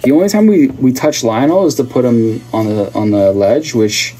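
Reading out viewer comments, this livestream host chats and jokes in a relaxed way. He speaks at medium pitch and a moderate pace, sounding mellow with a breathy edge.

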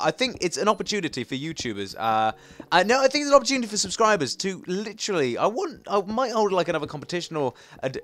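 An excitable young man talks fast over faint game music, his pitch leaping around as he rambles through casual gameplay commentary. He restarts sentences constantly and bursts out loud when the action gets tense. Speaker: gaming YouTuber. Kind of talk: casual let's play commentary.

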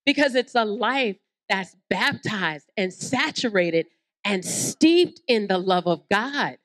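A Southern American woman preaching a lively sermon at a women's conference, acting out little scenes and voices as she goes. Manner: animated, acts out voices, swoops in pitch. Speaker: guest preacher.

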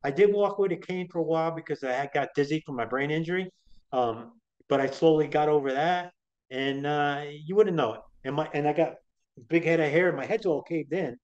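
A man's voice: a little high, fairly quick, darkish tone. A middle-aged man guesting on an interview, telling his story in a chatty, rambling way with lots of restarts. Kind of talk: casual storytelling. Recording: dull lo-fi sound.

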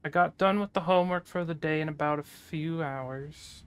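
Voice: medium pitch, moderate pace, a little hiss or hum. A gaming channel host talking through a horror game playthrough, chattering nervously and breaking into panicked yelps.

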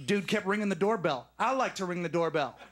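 A man in his late thirties doing a stand-up comedy set, animated and emphatic, with punchy asides. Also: high voice, fairly quick, very noisy. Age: 30s. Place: studio stage before a live audience.

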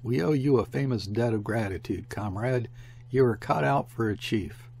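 A man's voice: mid-range voice, normal speed, vocal fry, darkish tone, husky. A man reading the part of a desperate, bitter convict who is rowing a boat. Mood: grateful.

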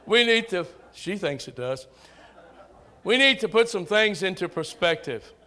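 A pastor with a Southern American accent delivers a rousing sermon in a church sanctuary, calling out to the congregation and rising to shouts on key lines. His voice sits high, with lively intonation and a measured pace.

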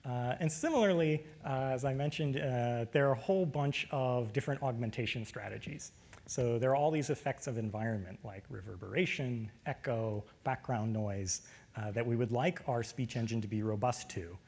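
A man giving a technical lecture, relaxed, with frequent fillers. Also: mid-range voice, normal speed.

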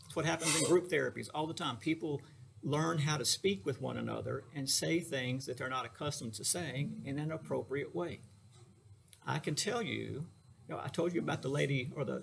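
A middle-aged man with a fairly high, heavily gravelly voice gives a casual lecture as a therapist. He talks in a folksy, joking way, speaking straight to his listeners. A faint hiss of noise sits under the recording. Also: a bit bright.

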